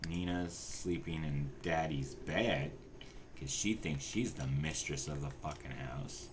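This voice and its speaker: A man's voice: extremely low pitch, slow pace, background noise. A man streaming a life-sim game, talking to the characters in casual commentary and getting exasperated and profane with them.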